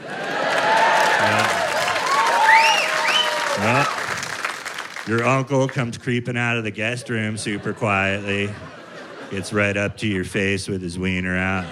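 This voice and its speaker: A man's voice: fairly low pitch, little pitch movement, moderate pace. A man in his fifties doing a profane, ranting stand-up comedy set on stage before a live audience. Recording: live set with loud crowd and room noise. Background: audience laughter.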